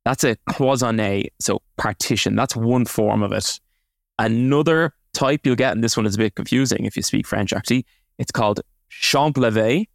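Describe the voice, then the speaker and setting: A man's voice: mid-range voice, moderate pace, gravelly, no room sound, clean studio sound. A man co-hosting a podcast, explaining things in a casual way with lots of fillers and restarts. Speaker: podcast co-host.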